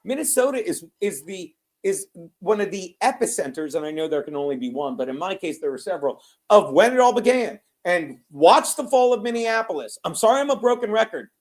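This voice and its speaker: A man's voice: high voice, big pitch swings, fairly quick, hardly any pauses. Male livestream host, heated ranter who swears, keeps apologizing for interrupting. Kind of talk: casual chat.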